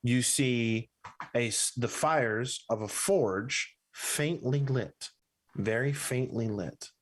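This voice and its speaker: Man narrating as game master, halting. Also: medium pitch. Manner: loose, halting narration with fillers and restarts.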